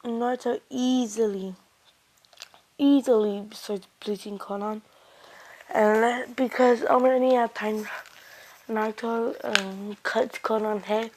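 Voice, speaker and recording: A young woman casually retelling a fan story as a channel host, rambling and halting with many fillers and restarts. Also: fairly high pitch, steady tone, background noise.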